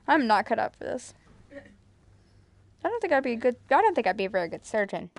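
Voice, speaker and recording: A woman's voice: high-pitched, animated, moderate pace, creaky, pauses often. A woman streaming a game, chatting casually in a playful, whiny way, swearing and laughing often. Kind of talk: casual gaming stream chat.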